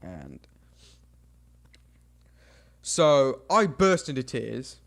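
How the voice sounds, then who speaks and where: A young man streaming games, casually telling an embarrassing childhood story, lively and laughing at himself as he acts out what people said. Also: medium pitch, very slow, vocal fry. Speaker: game streamer.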